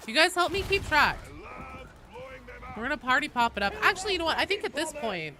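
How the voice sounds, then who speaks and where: A woman streamer with a cold, chatting excitably to her viewers during a live game stream at her desk at home, swearing and exclaiming often. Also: high-pitched, brisk. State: has a cold. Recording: noisy home stream audio.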